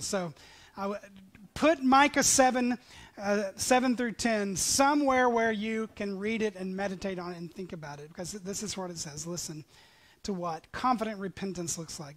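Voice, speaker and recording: Male pastor preaching a sermon; dynamic delivery that builds to loud emphatic peaks and drops to quiet near-whispers. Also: high voice. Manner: reads scripture aloud with passion.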